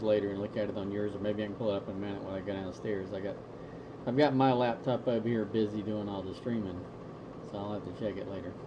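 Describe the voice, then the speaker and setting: A man on CB radio talking in a relaxed way about his equipment and frequencies. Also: on the low side. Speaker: CB radio operator. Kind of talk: casual CB radio chat. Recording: lo-fi CB radio with static.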